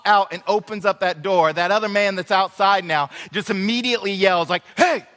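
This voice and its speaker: A man preaching a sermon, his voice sitting high and bright. He tells stories in a loose, joking way, with plenty of "uh" and "like". The sound rings with long reverb from a big church hall. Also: brisk, clean tone, soft background music. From Northwest Arkansas. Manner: casual, joking storyteller with many fillers. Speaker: pastor. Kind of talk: sermon with storytelling. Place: church sanctuary.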